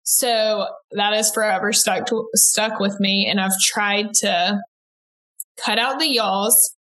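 A young woman from the American South talks in a relaxed interview, her Southern US accent softened. She chats fast and loosely, full of likes, ums and quick restarts. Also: medium pitch. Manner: chatty, quick-talking, many likes and restarts. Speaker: interview guest, aspiring broadcaster. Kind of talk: casual interview chat.

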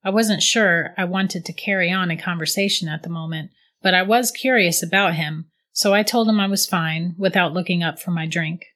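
A woman giving steady, reflective first-person audiobook narration. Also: fairly low pitch, normal speed.

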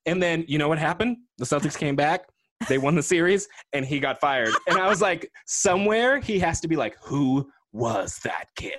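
A man co-hosting a podcast in casual chat, telling lively stories and acting out the quotes. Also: on the high side, brisk, noisy background. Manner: animated storyteller, acts out quotes. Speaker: podcast co-host.

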